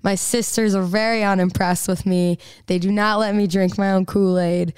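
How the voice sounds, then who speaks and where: A woman's voice: medium pitch, fairly even intonation, normal speed, a little mellow, clear, resonant tone, dry recording. A chatty 22-year-old woman from Texas, a singer talking in a radio interview, laughing often and rambling through restarts. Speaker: singer-songwriter guest. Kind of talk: casual radio interview chat.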